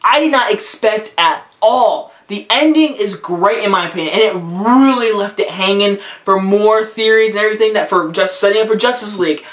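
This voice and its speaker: A man's voice: sits high, sharp tone. A young man giving a casual spoken movie review, rambling and repeating himself with lots of filler words. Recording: roomy echo.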